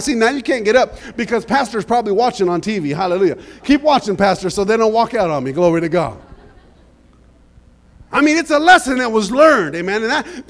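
A man's voice: extremely high pitch, creaky. A middle-aged man preaching a sermon, telling stories and asking the congregation "amen?". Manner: storytelling, frequent "amen?" to the congregation. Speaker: pastor.

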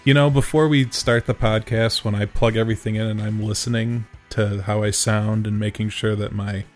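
A man's voice: fairly low pitch, level tone, moderate pace, faint music behind. A man co-hosting a podcast, chatting casually with a teasing, joking manner. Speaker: podcast co-host. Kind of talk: casual chat.

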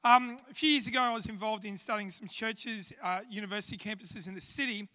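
An Australian church speaker with a high, bright, pushed voice delivers a brisk, chatty sermon full of fillers, self-deprecating humor and funny stories. The long reverb of a church hall surrounds him.

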